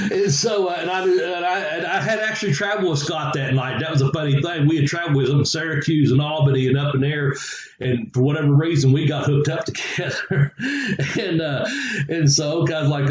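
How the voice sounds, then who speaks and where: A man's voice: fairly high pitch, brisk, darkish tone, reverberant, poor audio. A man, a former wrestler, telling stories in a rambling, chuckling way and acting out quoted voices. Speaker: podcast co-host, former wrestler. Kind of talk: casual storytelling chat.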